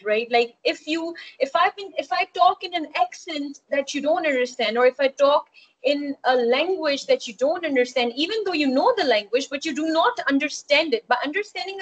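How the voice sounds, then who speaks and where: A woman's voice: high-pitched, low-quality recording. A woman tutoring an online speaking-exam class, explaining at length and often checking understanding with "right?". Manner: explanatory, repeats key points, frequent "right?" checks. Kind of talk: live online lesson.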